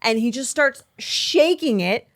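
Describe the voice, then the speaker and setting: A young adult woman co-hosting a podcast, telling a rambling, animated story full of "like" in casual chat. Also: a little high, a little slow. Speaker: podcast co-host.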